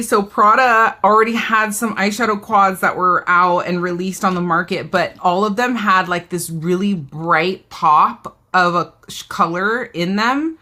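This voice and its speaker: Woman vlogging a makeup haul live, bright voice, a bit low, says y'all a lot. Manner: chatty, reads viewer comments aloud, says "y'all". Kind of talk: casual live-stream chat.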